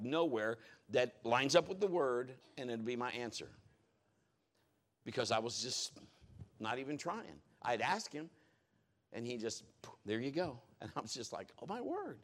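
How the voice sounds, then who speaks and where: A middle-aged man preaching a sermon as a pastor, telling a story with lively, acted-out quotes that jump high and low. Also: a little slow, long pauses. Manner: animated storytelling, acts out quotes with big pitch jumps.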